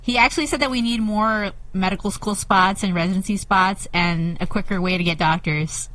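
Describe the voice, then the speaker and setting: A woman's voice: mid-range voice, fairly quick, fairly bright tone. A woman co-hosting a podcast, chatting casually, earnest and wry. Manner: earnest, wry, laughs easily. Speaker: podcast co-host. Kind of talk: casual chat.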